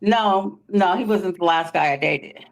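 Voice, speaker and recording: A woman's voice: lowish voice, unhurried, creaky. A woman being interviewed about her dating life, giving short, hesitant answers. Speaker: guest on a dating show.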